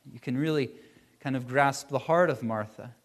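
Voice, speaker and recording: A man preaching a sermon in an earnest way, slowing down on key phrases and letting his voice rise and fall. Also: mid-range voice. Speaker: pastor.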